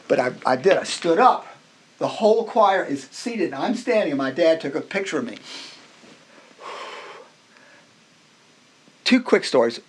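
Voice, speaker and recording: A middle-aged man, a music professor guest on a podcast, telling personal stories in an animated way, acting out other people's voices and often restarting his sentences. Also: a little high. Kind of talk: personal storytelling in a conversation.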